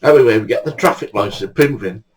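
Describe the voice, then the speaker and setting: Husky older man. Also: fairly low pitch, fast talker, low-quality recording. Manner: chatty, swears casually, acts out dialogue. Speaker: storyteller. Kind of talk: casual anecdote telling.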